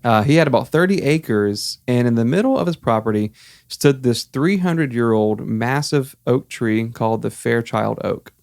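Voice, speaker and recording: A man from Florida, co-hosting a podcast and telling a story in a relaxed way, full of ums. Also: medium pitch, normal speed, vocal fry, dry recording, studio quality. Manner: relaxed, filler-heavy with many ums.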